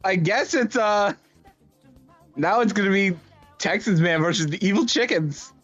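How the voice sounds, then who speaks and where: A man's voice: high-pitched, a little slow, fairly bright tone, faint music behind. A man co-hosting a live stream, chatting loosely about a game, joking and swearing casually. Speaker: streamer co-host. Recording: slightly dull mic sound.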